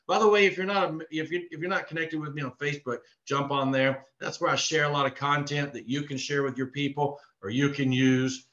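A man's voice: fairly high pitch, fairly even intonation, a little fast, few pauses, a bit bright. A man from Texas giving a live online sales training, earnest and repetitive in his coaching. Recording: echoey room, dull lo-fi sound.

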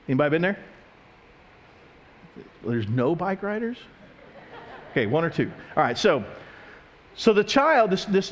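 A pastor preaching a sermon, telling stories and asking his congregation questions. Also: a little high. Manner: animated storytelling, questioning the congregation.

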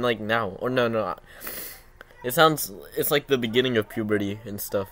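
A teenage boy hosting a casual reaction video at home, excitable and self-mocking, saying "bro" a lot. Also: mid-range voice, moderate pace, a little hiss or hum. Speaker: channel host reacting to his own old basketball video.

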